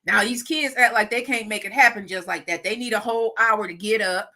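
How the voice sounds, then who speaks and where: A middle-aged woman chats casually on a live stream, her voice bright and ringing even though she is stuffed up and keeps clearing her throat. She is lively and talkative and keeps turning to her viewers with a friendly y'all. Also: mid-range voice, brisk. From Lackawanna, New York, USA. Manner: chatty, animated, laughing asides, calls audience y'all. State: congested, runny nose, clearing throat. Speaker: livestream host.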